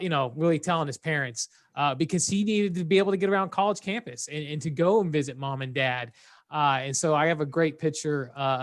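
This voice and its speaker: Male panelist with a slightly high voice, friendly and upbeat, dry close video call sound. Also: no room sound. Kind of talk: webinar roundtable storytelling.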